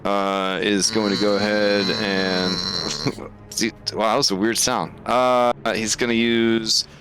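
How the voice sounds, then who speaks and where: A man's voice: fairly low pitch, steady tone, slow pace, a bit bright, soft background music. A man running a tabletop game as game master, thinking aloud with lots of fillers.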